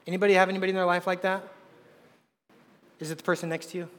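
High-voiced pastor in a reverberant hall. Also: male voice, level tone, very fast, a bit bright. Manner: conversational storytelling with humor. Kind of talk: sermon. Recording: long reverb of a large hall.

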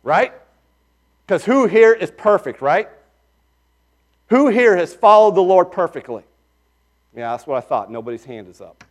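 A middle-aged pastor preaching a sermon, swinging between loud emphatic lines and quiet asides. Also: male voice, high voice, big pitch swings, a little slow, pauses often.

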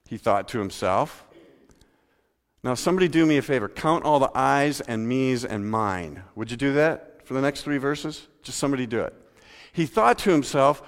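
A male pastor preaching a sermon, talking conversationally and swinging between loud emphasis and quiet asides. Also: medium pitch, animated, normal speed. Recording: long hall reverb.

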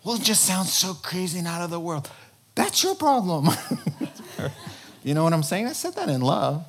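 A preacher delivering an animated sermon. The preacher jokes, asks the congregation questions and acts out the voices of the people quoted. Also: medium pitch, normal speed, a little hiss or hum. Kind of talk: sermon on end-times prophecy.

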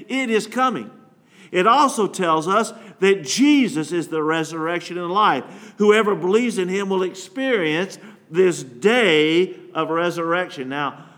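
High-pitched guy preaching real slow, asks the church to fill in words. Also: a bit bright. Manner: preaching with call-and-response questions to the congregation. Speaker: pastor. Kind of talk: sermon.

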